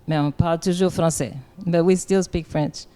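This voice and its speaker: Louisiana panelist, steady bilingual speaker, mellow and smooth. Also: male voice, a little high, normal speed. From Terrebonne Parish, Louisiana. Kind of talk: bilingual speaking, French then English.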